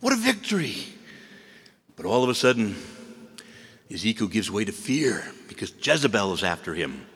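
A priest giving an animated, storytelling sermon in a church, acting out the figures he describes. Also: on the low side, moderate pace, pauses often, slightly rough. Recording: long church reverb.

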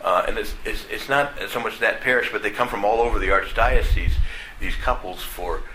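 Middle-aged male priest, church sermon, conversational and blunt; very low, forceful voice. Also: slight background noise, poor audio. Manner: plain-spoken, conversational, halting with restarts. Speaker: Catholic priest.

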